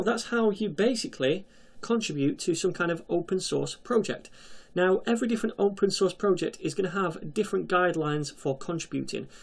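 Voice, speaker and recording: Tutorial host, male, slightly high voice, casual chatty walkthrough with quick jokey asides. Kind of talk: screen-recorded coding tutorial.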